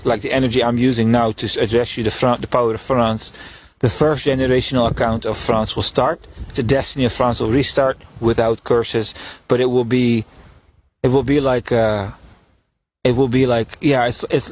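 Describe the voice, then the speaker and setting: A man's voice: mid-range voice, slight background noise. A man hosting a podcast as a rambling solo monologue. He repeats himself and chuckles between his points. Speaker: podcast host.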